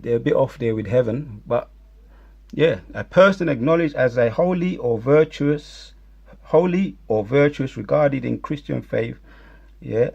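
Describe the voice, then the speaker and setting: A man's voice: medium pitch, creaky, a little mellow, breathy edge, dull audio. A man giving heated, rambling religious commentary, scolding and preachy.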